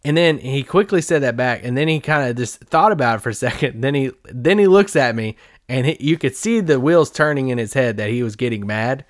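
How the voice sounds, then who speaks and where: A man's voice: mid-range voice, animated, brisk, dry recording. Guy on a podcast rambling thru a story, laughs a lot, dry sound no room. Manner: rambling, laughs often while telling the story. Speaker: podcast host and sports reporter. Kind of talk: casual anecdotal storytelling.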